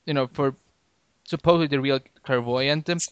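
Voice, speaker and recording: A man co-hosting a podcast in casual chat, talking excitably with many restarts and jumping up in pitch when he disagrees. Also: normal speed, clear, resonant tone, dry recording, dull audio. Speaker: podcast co-host.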